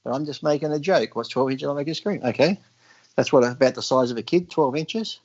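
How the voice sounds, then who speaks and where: A man chatting on a podcast in a blunt, profane way, full of crude jokes and quick mocking voices. His voice sits in a middling range. The audio is a bit dull and lo-fi. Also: medium pitch, a little mellow. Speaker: podcast guest. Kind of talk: casual podcast chat.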